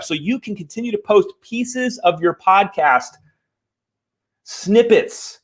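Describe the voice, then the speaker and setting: A man's voice: high voice, expressive, a little fast, breathy edge. A man hosting a live show from home, talking to viewers in a fired-up, emphatic way and apologizing after swearing. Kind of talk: live-stream talk to viewers. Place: home room.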